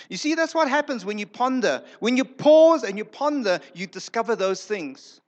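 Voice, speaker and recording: A man's voice: extremely high pitch, lively intonation, normal speed, hardly any pauses. A male pastor preaching a sermon in a church, emphatic, repeating words for effect and acting out quoted lines.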